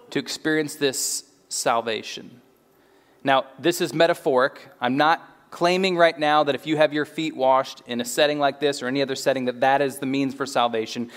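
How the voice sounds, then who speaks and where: Male pastor, high voice, earnest and halting sermon delivery, reverberant sanctuary. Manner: earnest, conversational, often repeats words as he restarts. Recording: long hall reverb.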